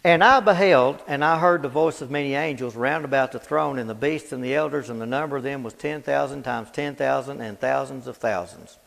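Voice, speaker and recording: A man preaching at a Bible study in a fervent, folksy way, repeating lines for emphasis and swinging between loud declarations and low, quiet asides. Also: fairly quick, gravelly, hardly any pauses. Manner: folksy, plain-spoken. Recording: reverberant church hall.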